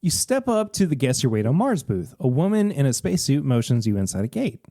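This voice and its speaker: A man hosting a podcast, reading a gamebook aloud in a lively, expressive way. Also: medium pitch, brisk, creaky, dry recording. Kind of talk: animated story reading.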